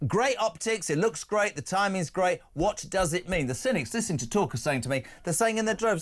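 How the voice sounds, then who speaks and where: A man's voice: high voice, animated, fairly quick, few pauses. A man hosting a radio phone-in, brash, jokey and opinionated. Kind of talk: lively radio phone-in chat.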